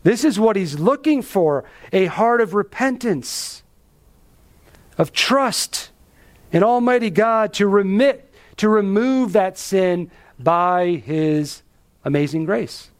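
A man's voice: lively intonation, takes it slowly. A man preaching an expository sermon, emphatic, asking rhetorical questions and dropping his voice for weight. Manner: emphatic, with rhetorical questions and dramatic drops in pitch.

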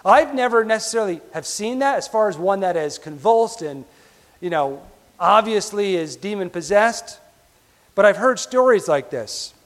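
Brief: male pastor, fairly high voice, emphatic sermon with quiet drops, recorded in a hall with a long reverb. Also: expressive, moderate pace. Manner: emphatic, often drops to a quiet, low delivery.

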